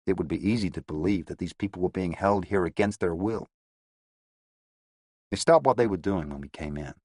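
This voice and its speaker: A man reading an audiobook in a steady, descriptive first-person narration. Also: sits low, normal speed, breathy edge, no echo, clean studio sound.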